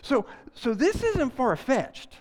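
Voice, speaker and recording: Animated preacher man in a reverberant hall. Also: very high-pitched, slow. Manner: animated, acts out quoted lines with laughs. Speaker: pastor. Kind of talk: sermon on scripture.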